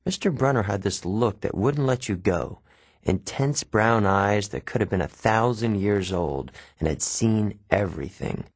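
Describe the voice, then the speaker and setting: A man reads a first-person novel in a casual, conversational teenage voice. His low, husky voice rises and falls with lively inflection. The studio recording is close and dry. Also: measured pace, dry recording. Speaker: audiobook narrator.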